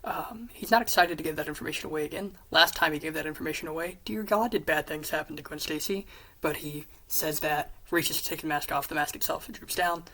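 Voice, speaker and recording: A woman casually retelling an episode pitch, rambling with quick asides and swearing, in a whispery, gravelly voice. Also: a bit bright, rough recording. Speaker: fan pitch presenter.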